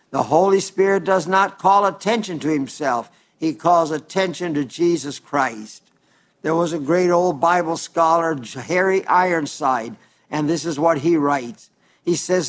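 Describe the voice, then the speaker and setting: Male preacher, sermon, earnest and plain-spoken, slightly raised pitch, slow deliberate scripture reading. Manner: earnest, plain-spoken, addresses listeners as dear friends; reads scripture aloud slowly and deliberately.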